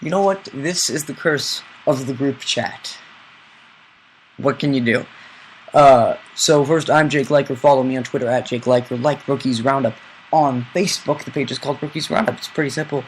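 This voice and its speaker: A man's voice: mid-range voice, normal speed, a little hiss or hum, rough recording. A man hosting a casual sports chat podcast, loosely steering the talk and running through plugs between jokes. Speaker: podcast host.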